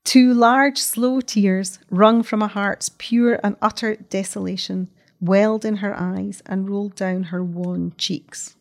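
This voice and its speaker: A woman narrating a story as an audiobook in a measured, expressive way. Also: medium pitch, vocal fry.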